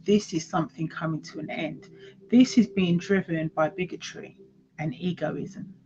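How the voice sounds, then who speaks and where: A woman's voice: on the low side, normal speed, dark tone, lo-fi sound, slight background noise. A woman giving a casual tarot reading, emphatic and repeating her phrases, now and then swearing. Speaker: tarot reader.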